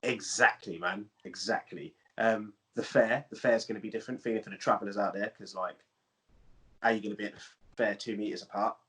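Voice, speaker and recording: A man's voice: fairly low pitch, fairly even intonation, fairly quick, fairly bright tone. A man co-hosting a podcast, chatting in a laid-back, rambling way full of slang. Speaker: podcast co-host. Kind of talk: casual chat.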